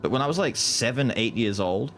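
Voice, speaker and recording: Animated swearing male streamer. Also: medium pitch, a little fast, a little hiss or hum. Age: 30s. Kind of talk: casual gaming commentary.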